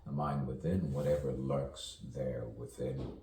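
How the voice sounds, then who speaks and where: A man speaks an unhurried stream-of-consciousness poem in an extremely deep voice, rambling and slipping into other voices and whispers. He sounds set back from the mic in an echoing room, with a faint hum behind him. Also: level tone, warm tone, distant mic. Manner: rambling, shifting voices and accents, drifting into whispers.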